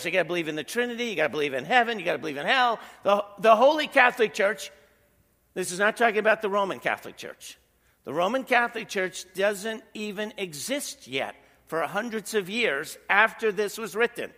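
A middle-aged male pastor preaching in a chatty way and asking the room questions. His voice sits high and rings bright and forceful. The sound carries the long reverb of a large hall. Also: sing-song, fairly quick. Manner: conversational preaching with rhetorical questions. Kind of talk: sermon.

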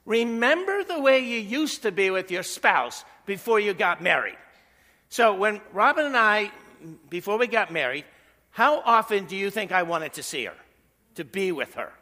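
A man's voice: high voice, animated, moderate pace, sharp tone, big-room sound. A middle-aged man preaching a sermon as pastor, in a conversational way that leans on rhetorical questions.

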